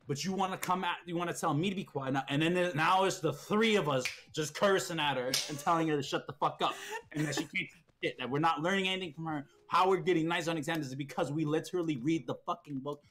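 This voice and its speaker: A young man telling rowdy school stories in casual chat, profane and animated, with heated outbursts. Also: on the high side, slight background noise. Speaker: streamer's friend telling stories.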